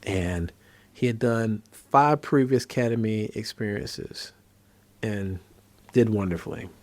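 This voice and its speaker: Speaking slowly in a low register, the psychiatrist host comes through a dry recording. His talk is relaxed and story-driven, covering a treatment and cases from his practice, with bursts of animation as he acts things out.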